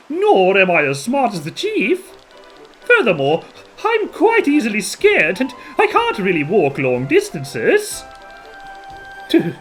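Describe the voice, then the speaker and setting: A man does a timid bird villager in a storybook game. He sits high and breathy, with his voice jumping about. He trails off as if he is always short of breath. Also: a bit bright, heavily acted. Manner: nervous, rambling, forgetful.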